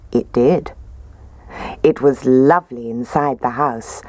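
A woman reading a children's story aloud in a gently animated, expressive way. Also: extremely low pitch, no room sound.

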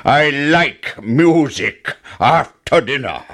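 A man voicing a huge, wicked male giant in a storybook reading, bellowing slowly. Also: expressive, fairly bright tone, exaggerated voice. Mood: commanding. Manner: slow booming bellow.

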